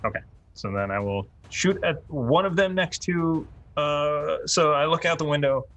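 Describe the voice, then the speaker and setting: A man playing a tabletop game who hesitates and thinks out loud while he plays. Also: a little high, normal speed. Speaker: player. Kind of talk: casual tabletop play. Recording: faint music behind.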